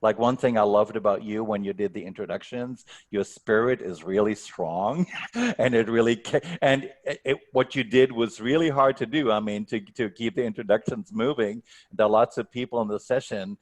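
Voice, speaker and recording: A man's voice: lowish voice, moderate pace. A man speaking as a guest coach on a video call, answering questions thoughtfully and often repeating words as he starts a sentence. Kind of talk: online workshop Q&A.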